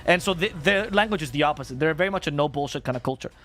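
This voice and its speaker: A man, an esports caster, chatting on a panel and telling stories in a fast, animated way. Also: on the high side. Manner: fast, animated storytelling, swears and laughs often. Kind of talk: casual panel chat.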